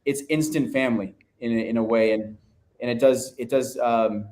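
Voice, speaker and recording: A man who is a guest on a podcast, speaking earnestly and haltingly with fillers. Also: mid-range voice, fairly even intonation, a little mellow. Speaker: guest, business owner. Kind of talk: casual podcast chat.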